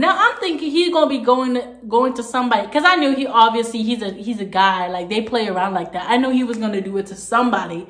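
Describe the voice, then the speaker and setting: Lively young woman in an echoey room. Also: fairly high pitch, fast, hardly any pauses. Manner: animated, laughing, swings between quiet asides and loud outbursts. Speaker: vlogger. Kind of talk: casual storytelling to camera.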